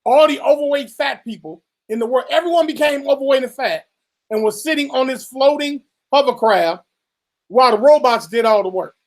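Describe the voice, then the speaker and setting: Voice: high voice, fairly quick. Profane, mocking co-host. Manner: profane, mocking, acts out what others say; lecturing, warns the listeners. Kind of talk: casual commentary chat.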